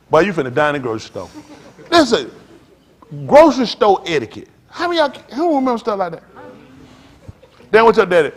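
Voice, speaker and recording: A man preaching a sermon as pastor, telling stories with loud outbursts. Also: sits high, brisk, pauses often. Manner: animated preaching with storytelling, loud outbursts and laughs.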